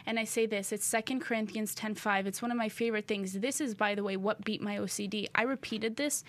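A woman co-hosting a faith podcast, talking in an earnest, animated way about prayer and her own struggles. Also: medium pitch. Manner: animated, earnest, quick to rebuke and laugh. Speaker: podcast co-host. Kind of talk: faith-based casual chat.

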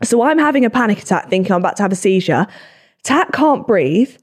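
A woman's voice: medium pitch, husky. A young woman, hosting a podcast and telling stories in casual chat, swearing freely. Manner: swearing, quick animated storytelling. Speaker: podcast host.

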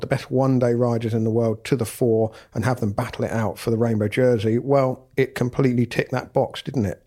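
A man's voice: mid-range voice, a little mellow. A man co-hosting a podcast, talking things through in a thoughtful, reflective way. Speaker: podcast co-host. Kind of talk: casual podcast chat.

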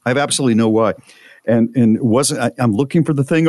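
A man's voice: medium pitch, fast, darkish tone, dry recording, studio quality. A man co-hosting a radio show, chatting casually and reading listener posts aloud in a rambling, self-deprecating way that stumbles over words.

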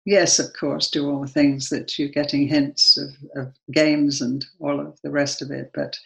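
Gravelly-voiced Englishwoman telling a story. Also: deep voice, unhurried, low-quality recording. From England. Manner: earnest, lively storyteller. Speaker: guest. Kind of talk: personal storytelling and prayer.

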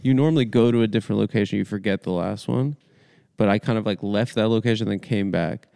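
A man co-hosting a podcast, telling rambling dream stories in a deadpan, casual way. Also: fairly low pitch, fast talker, vocal fry, dry recording, studio quality. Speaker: podcast co-host. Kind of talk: casual comedic chat. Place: small dry studio room.

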